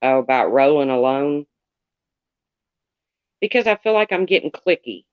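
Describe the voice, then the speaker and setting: Man, casual livestreamer, chatty and candid, muffled lo-fi audio, mid pitch. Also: expressive, normal speed, clean tone, dry recording. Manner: rambling and candid, greets viewers by name.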